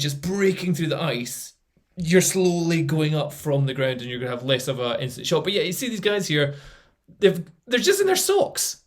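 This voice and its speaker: Chatty man, fairly high voice. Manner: chatty, laughs at what he sees, trails off with fillers. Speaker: vlogger commenting on a video. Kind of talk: casual spoken commentary.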